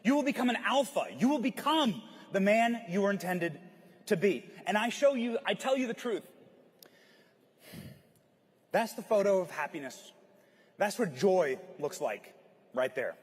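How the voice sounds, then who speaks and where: A man giving an impassioned, preachy rally speech to a crowd at a conference, often shouting. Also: sits high, lively intonation, unhurried, pauses often, breathy edge. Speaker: conference speaker. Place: large event hall. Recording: long hall reverb.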